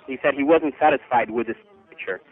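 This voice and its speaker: A man phones a talk show and rambles through a complaint story. His voice is plain and mid-pitched. The line sounds thin and phone-like. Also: quick pace. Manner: chatty, aggrieved storyteller. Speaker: caller. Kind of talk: telling a story on a call-in show.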